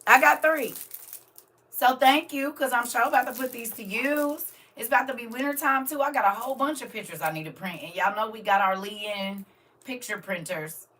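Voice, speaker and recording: An older grandmother chats on a live stream, talking right to her viewers. Her voice is bright and a little tense. She sits a bit back from the camera mic, so she sounds slightly distant. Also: a little high, moderate pace. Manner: chatty, talks straight to viewers. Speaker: vlogger. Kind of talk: casual live stream chat.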